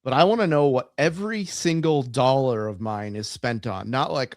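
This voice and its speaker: A man's voice: mid-range voice, moderate pace, dry recording. Joking young man, dry close sound. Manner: joking, laughs into his lines. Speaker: podcast co-host. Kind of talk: casual chat.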